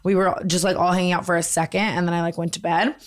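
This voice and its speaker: A woman's voice: on the low side, little pitch movement, fast. A woman in her twenties co-hosting a podcast, blunt and teasing, swearing freely in casual chat. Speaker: podcast co-host.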